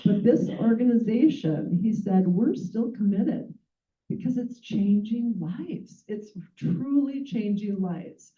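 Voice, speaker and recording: Halting, gushing woman heard from far off. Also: mid-range voice, animated. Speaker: departing nonprofit chapter staff member. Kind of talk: farewell speech at an event. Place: event room with audience. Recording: distant tinny phone-like recording.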